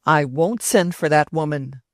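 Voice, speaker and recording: A woman's voice: sits low, measured pace, no room sound, clean studio sound. A woman reading the part of an elderly, irritable grandfather who speaks in agitated protests.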